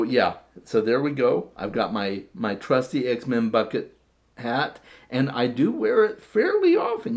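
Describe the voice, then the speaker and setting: A man talks casually to his camera with a middle-pitched voice. His speech is chatty and rambling, full of repeated words and self-deprecating asides. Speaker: vlogger showing his hat collection.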